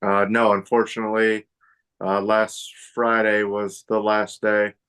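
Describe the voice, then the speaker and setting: Low-voiced, matter-of-fact man. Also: monotone, a little slow, fairly bright tone, smooth. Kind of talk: casual chat.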